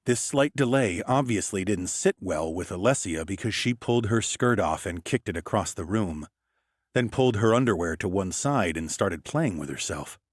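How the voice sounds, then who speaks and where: Deep-voiced male audiobook narrator. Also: lively intonation, moderate pace, no room sound, clean studio sound. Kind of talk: first-person scripted narration.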